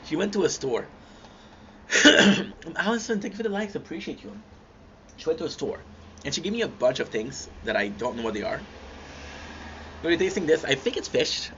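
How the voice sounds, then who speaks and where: A man's voice: on the high side, normal speed, long pauses. A young man hosting a livestream, chatting casually with viewers and humming between bites of food. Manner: relaxed, chatty, stops to chew and hum between bites. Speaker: livestream host. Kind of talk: casual chat with viewers while eating. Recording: dull lo-fi stream audio with faint background hum.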